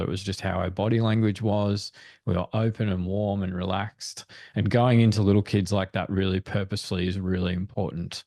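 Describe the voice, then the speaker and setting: A man's voice: lowish voice, creaky, darkish tone, no echo, studio quality. A man speaking as a parenting expert guest in a webinar discussion, explaining in an earnest way. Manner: earnest, explanatory, acts out quoted thoughts.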